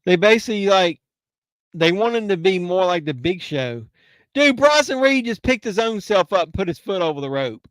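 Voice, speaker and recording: Excitable man heckling a live watch-along. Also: high-pitched, no room sound. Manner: excitable, blunt and heckling, with quick asides and swearing. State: losing his voice. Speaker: host of a wrestling watch-along stream. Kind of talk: casual live reaction commentary.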